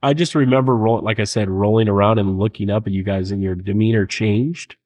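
A young man, a podcast guest, telling a childhood story in lively casual talk and laughing often. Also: fairly low pitch, a little fast. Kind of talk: casual chat.

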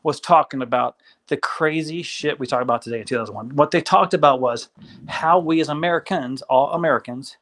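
Man telling a story in animated speech. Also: on the high side, fairly quick. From Kentucky. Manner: animated, acts out quoted voices. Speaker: interview guest. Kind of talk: casual storytelling.

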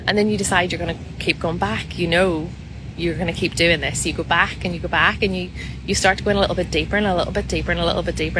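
A woman's voice: fairly low pitch, noisy background. Earnest woman coaching solo podcast host. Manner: earnest, coaching tone, acting out inner doubts in quoted asides. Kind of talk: reflective solo podcast monologue.

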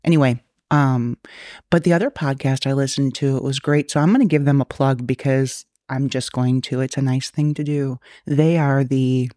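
A woman's voice: very deep voice, steady tone, normal speed, mellow, no echo. Woman podcast co-host, slight lisp, rambling and jokey, dry close sound. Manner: rambling, jokey, laughs often. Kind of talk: casual banter.

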